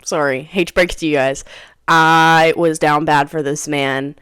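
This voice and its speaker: A woman's voice: low voice, moderate pace, clear, resonant tone, no echo, studio quality. A young woman in her twenties hosting a podcast, telling a story in a casual, dramatic way, repeating phrases and dropping into whispers for emphasis. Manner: animated, dramatic retelling with sudden whispers and cries; repeats phrases for emphasis, says "dude" and "girl". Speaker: podcast host.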